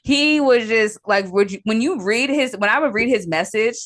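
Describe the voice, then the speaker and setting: A woman's voice: fairly high pitch, moderate pace, a bit bright. A young woman co-hosting a podcast, chatting casually and bluntly, swearing freely and laughing between points. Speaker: podcast co-host. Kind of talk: casual chat.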